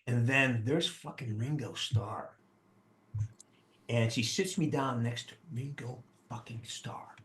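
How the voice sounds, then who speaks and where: A man in his sixties, an actor guest telling a lively, profane anecdote and acting out the people in it. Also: medium pitch, takes it slowly, a little hiss or hum. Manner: animated, profane, acts out the people in his stories. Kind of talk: casual storytelling anecdote. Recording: roomy echo.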